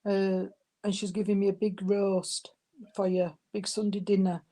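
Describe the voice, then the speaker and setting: A woman with a dark, mellow voice, working as a medium. She passes on spirit messages and calls her listeners darling and sweetheart. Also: medium pitch, flat delivery, moderate pace. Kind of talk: giving spirit messages at an online service.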